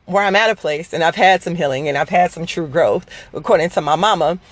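A woman's voice: on the low side, brisk, no room sound. A woman in her forties telling a personal story in a casual, profane, rambling way, full of fillers. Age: 40s.

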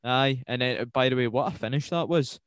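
A man's voice: mid-range voice, brisk, fairly bright tone, clean tone, no room sound. A young Scottish man co-hosting a casual football podcast, rambling and swearing freely as he talks. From Scotland. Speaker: podcast co-host.

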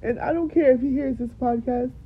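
A young woman hosting a podcast tells listeners her own story while tearful, repeating herself for emphasis. Her high-pitched voice is brisk, and the dull lo-fi recording carries a little hiss or hum.

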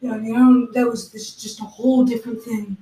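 A woman co-hosting an improvised comedy podcast, with halting, matter-of-fact explanations. Her voice is fairly high but mellow and very flat in pitch. She sounds roomy and distant from the mic. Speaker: podcast co-host.

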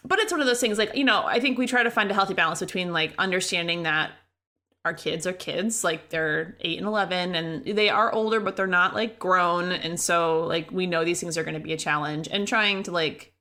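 Bright-voiced chatty woman podcast host. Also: lowish voice, brisk. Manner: chatty, rambling with many "like"s and frequent laughter. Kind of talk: casual podcast chat.

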